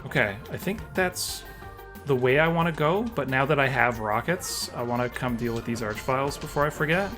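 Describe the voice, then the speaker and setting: A man's voice: mid-range voice, normal speed. Man, live game streamer, chatty, self-deprecating, reacting to gameplay, game music underneath. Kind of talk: casual live-stream commentary while playing.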